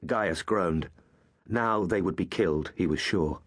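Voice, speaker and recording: A man narrating an audiobook with measured, expressive storytelling. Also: low voice.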